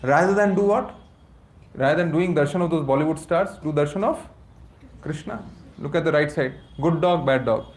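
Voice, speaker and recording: A man with an Indian accent giving a lively lecture to a class, asking rhetorical questions and mixing English with Hindi. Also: on the high side, normal speed. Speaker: course teacher at a temple.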